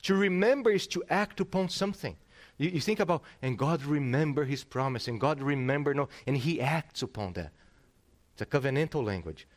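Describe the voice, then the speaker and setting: A middle-aged male pastor preaching a sermon, emphatic and animated, often restarting his words. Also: on the high side, brisk.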